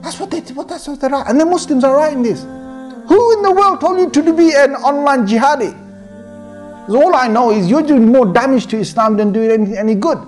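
Man preaching in a high voice, chatty sermon, repeats himself a lot, faint music behind. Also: lively intonation, fairly quick. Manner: conversational, repeats phrases, slips into Arabic recitation. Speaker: sheikh giving a talk. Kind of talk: informal sermon.

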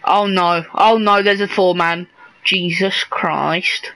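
A man chatting with friends while he plays a battle royale game, yelling and taunting his teammates and repeating himself quickly. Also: sits high, steady tone. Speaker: gamer streaming his match. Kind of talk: excited gameplay chat with friends.

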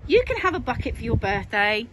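A woman voicing a patient, good-humoured dad who talks in a gentle, indulgent way. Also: a little high, very animated, brisk. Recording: noisy home recording.

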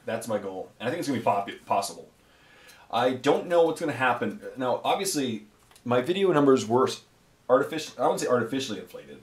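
Male hobby host, rambling and casual, mid pitch, roomy echo. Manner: rambling, many fillers and self-corrections. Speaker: miniature painting YouTuber. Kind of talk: casual talk while painting.

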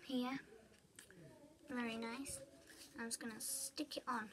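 A young girl, whose voice reads as a woman's, talks to viewers while making school supplies in a chatty craft tutorial vlog. Her voice is on the high side with fairly even intonation and a slow pace, and a crowd can be heard in the background. She rambles, talks to herself as she crafts, and sometimes drifts into a whisper.

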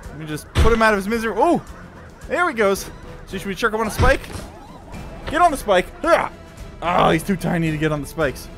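A young man giving excitable, playful commentary while playing a virtual reality game, talking to the enemies as he fights them. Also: high-pitched, brisk, long pauses, soft background music. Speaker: gaming YouTuber.

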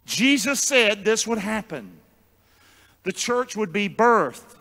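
Preacher guy with a high bright voice, big echo of a church hall, yells then drops to a mumble. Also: expressive, slow, vocal fry. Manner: emphatic call-and-response preaching, sudden swings from shouting to low murmurs. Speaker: pastor. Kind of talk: sermon. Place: church sanctuary. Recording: long church hall reverb.

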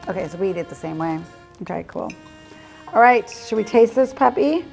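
Woman host, casual kitchen demo, chatty and playful, average pitch, faint music bed. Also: expressive, moderate pace, creaky, darkish tone. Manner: chatty and playful, upbeat asides. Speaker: cooking show host. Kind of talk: casual cooking demonstration.

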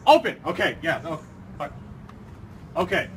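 A man's voice: sits high, huge pitch swings, normal speed, pushed and bright, a little hiss or hum. A young man grumbling and cursing in a casual comedy sketch. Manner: exasperated, cursing.

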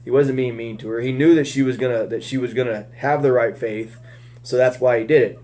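A man's voice: medium pitch, fairly even intonation, fairly quick, dark tone. A man giving casual Bible teaching, rambling with many restarts and fillers.

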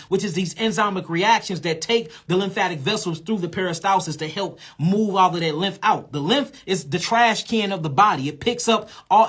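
A man's voice: high voice, a bit bright, husky. A man giving a freewheeling holistic health lecture, emphatic and blunt, instructing listeners directly and cursing casually.

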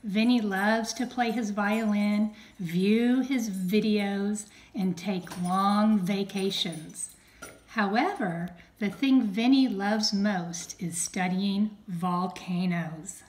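A woman teacher reading a storybook aloud to young children, stressing sounds slowly and clearly. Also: medium pitch, a little mellow, roomy sound, low-quality recording.

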